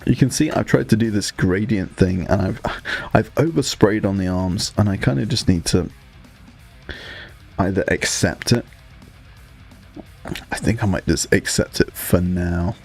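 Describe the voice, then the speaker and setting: Gravelly man chatting. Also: deep voice, a little slow, pauses often, darkish tone, soft background music. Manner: joking, sweary, chatty with chat. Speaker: livestream host. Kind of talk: casual livestream chat while painting miniatures.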